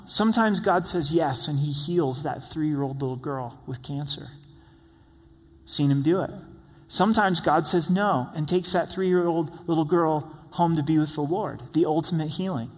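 A man's voice: on the high side, a bit bright. A man preaching a sermon as pastor, earnest, acting out prayers and quotes as he goes. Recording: long reverb of a large hall.

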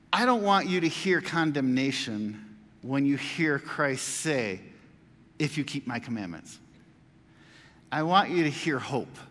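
A man giving a casual, conversational sermon as a pastor, swinging between loud emphatic lines and quiet asides. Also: fairly high pitch, long reverb tail.

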